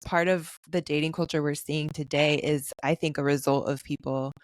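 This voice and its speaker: A woman's voice: sits low, steady tone, normal speed, dry recording, clean studio sound. A young adult woman hosting a podcast, chatting casually with friends, often laughing and trailing off into asides. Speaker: podcast host.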